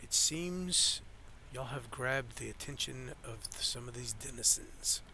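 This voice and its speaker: A man narrating a tabletop game as game master over an online call, in a loose, halting way full of fillers. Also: mid-range voice, creaky, pushed and bright, a little hiss or hum.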